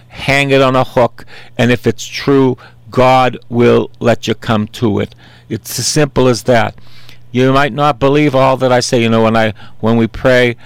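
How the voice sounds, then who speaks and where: A man's voice: mid-range voice, vocal fry, clear, resonant tone, no echo. A man in his sixties preaching a sermon in an earnest, conversational way, repeating simple refrains.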